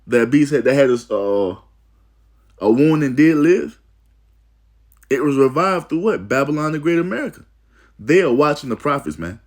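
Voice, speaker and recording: A man's voice: fairly high pitch, lively intonation, moderate pace, long pauses. A man preaching about prophecy, reading aloud from an article and breaking into emphatic asides, often repeating "you see" and "man.". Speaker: religious teacher.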